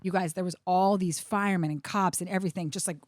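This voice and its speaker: A middle-aged woman, a comedian guest, telling animated stories in casual chat, acting out quotes and swearing freely. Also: fairly low pitch, fast, dry recording, clean studio sound. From USA.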